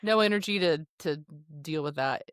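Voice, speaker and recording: A woman co-hosting a podcast, reacting and asking quick questions in casual chat. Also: sits low, smooth, no echo. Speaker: podcast co-host.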